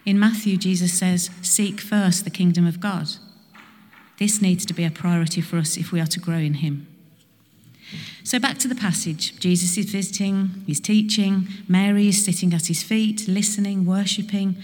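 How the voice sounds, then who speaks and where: Lady preacher asking the crowd questions, lowish voice, long church echo. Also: fairly even intonation, normal speed, a little mellow. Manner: asks the congregation questions. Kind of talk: sermon to a congregation. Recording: reverberant hall.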